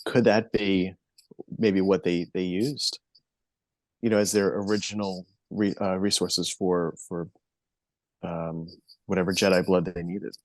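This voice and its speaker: A man's voice: low-pitched, fairly even intonation, unhurried, long pauses, no room sound. A man talking as a podcast guest, hesitant, with many ums and restarts. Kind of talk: casual chat.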